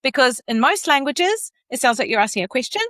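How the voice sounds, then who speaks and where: A woman vocal coach giving conversational advice, animated and laughing now and then as she demonstrates pitch. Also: brisk, dry recording.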